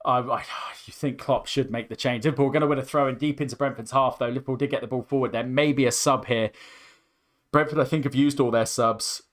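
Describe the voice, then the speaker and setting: A young man hosting a live football watchalong, commentating with rising excitement as his voice starts to go hoarse. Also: medium pitch, fast. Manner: excitable, voice climbs sharply with the action. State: voice going hoarse. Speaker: host.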